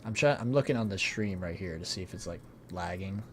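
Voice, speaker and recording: A young man with a low voice hosts a casual livestream and talks loosely to his chat. He uses plenty of slang and lets his sentences trail off quietly. Faint music plays behind him. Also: a little fast. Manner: laid-back, slangy, often trails off quietly. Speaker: streamer hosting a charity stream.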